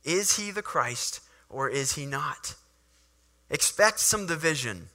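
A man's voice: on the high side, lively intonation, slow pace, sharp tone. A man preaching a sermon, reading scripture and animatedly acting out the scenes he explains.

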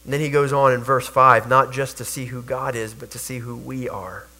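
A man's voice: mid-range voice, steady tone, moderate pace, sharp tone. A man preaching a sermon, earnest, with rhetorical questions and repeated words. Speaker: pastor.

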